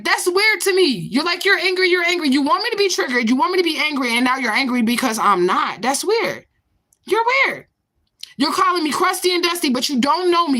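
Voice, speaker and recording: High, bright-voiced woman ranting at a troll. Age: 40s. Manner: confrontational, profane, repetitive. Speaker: vlogger. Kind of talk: ranting to camera.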